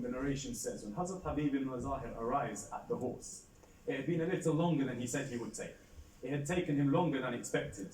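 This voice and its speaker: A man's voice: mid-range voice, a little mellow, a little hiss or hum. A man delivering a Muharram majlis sermon, narrating a story in a solemn recitation. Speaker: Muharram lecturer. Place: religious gathering hall. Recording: echoey hall, distant mic, faint ambience.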